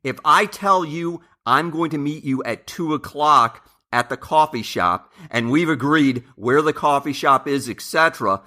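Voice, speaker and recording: An older man lecturing his viewers in a bright, forceful voice. He counts his points off one by one and leans hard on key words as he hands out blunt life advice. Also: on the high side, measured pace, hardly any pauses. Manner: emphatic, addresses listeners as "men", uses lists. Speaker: channel host. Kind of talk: advice monologue to camera.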